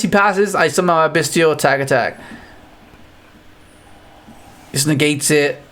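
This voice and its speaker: A man giving casual, rambling commentary on his own card game matches, with frequent restarts and excited outbursts. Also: on the high side, a little fast, slight background noise. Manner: rambling, restarts often, animated exclamations.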